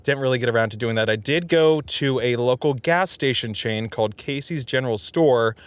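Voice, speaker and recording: A man's voice: mid-range voice, moderate pace, smooth, no echo. A young man reporting from the road who chats casually, tells stories and laughs often. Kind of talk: casual chat.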